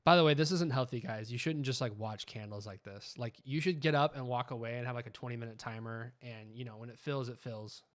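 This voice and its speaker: A man hosting a live trading stream, chatting casually and getting excited as he watches the charts. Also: mid-range voice, brisk, hardly any pauses. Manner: chatty, excitable, keeps asking "you know what I'm saying".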